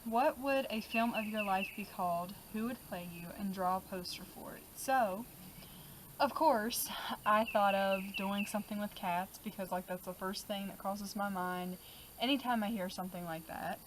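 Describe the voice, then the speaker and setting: Outdoors against a noisy background, a woman vlogger with a mid-range voice talks at normal speed. She chats casually about her journal pages, peppering her speech with "um" and "like."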